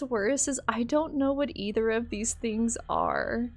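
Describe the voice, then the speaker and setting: A woman's voice: a little high, unhurried. A woman streaming a game, reacting with laughter and swearing as she talks to chat. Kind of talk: casual game commentary.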